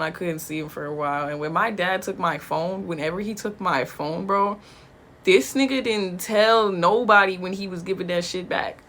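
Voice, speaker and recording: A young adult recounts a storytime into a phone in a loose, slangy, profane way, acting out quoted lines in a higher voice. The voice sits at a middle pitch, and a faint hiss runs behind it. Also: a bit bright. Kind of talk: casual storytime vlog.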